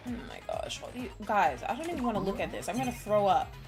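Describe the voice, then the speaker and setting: A woman's voice: medium pitch, big pitch swings, quick pace, music in the background. A young woman streamer chatting casually with her viewers, swearing and nervous about the game ahead. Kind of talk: casual live-stream chat.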